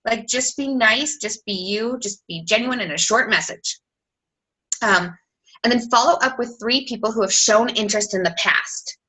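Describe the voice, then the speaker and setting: A woman in her thirties giving casual coaching talk on a team call, chatty and quick, full of "like" and acted-out quoted messages. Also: a little high, pushed and bright, rough recording. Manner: fast, chatty, lots of "like", acts out quoted messages.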